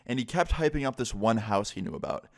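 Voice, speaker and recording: A man's voice: medium pitch, lively intonation. A young man telling a story on his vlog in a casual, rambling way, full of fillers. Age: young adult. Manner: casual, fast-flowing storytelling with many fillers. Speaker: vlogger.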